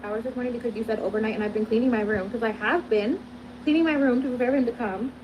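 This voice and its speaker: Young woman rattling off a story super fast, fed-up tone, noisy clip behind her. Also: on the high side, dull audio. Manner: rapid, exasperated recounting of a text exchange. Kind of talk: casual storytelling.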